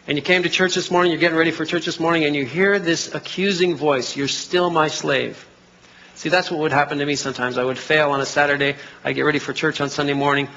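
A middle-aged male pastor delivers a sermon in a church, drawing the congregation in with questions and call-and-response lines. His voice sits a little high and carries a gravelly edge. The recording sounds dull and lo-fi. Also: pushed and bright. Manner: interactive, asks the congregation to respond. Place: church sanctuary.

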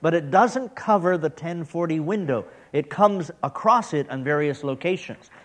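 A man's voice: on the high side, moderate pace. Canadian man giving a mission talk. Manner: earnest, preacherly, with playful asides. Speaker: missionary radio speaker. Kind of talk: church mission presentation.

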